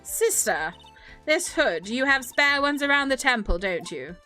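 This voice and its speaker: A woman's voice: sits high, big pitch swings, unhurried, bright, forceful tone, pitched above the performer's own voice, heavily acted. A determined young male defense lawyer presses a witness, as a woman reads him. He questions in a pointed, confident way. Faint music plays behind the voice.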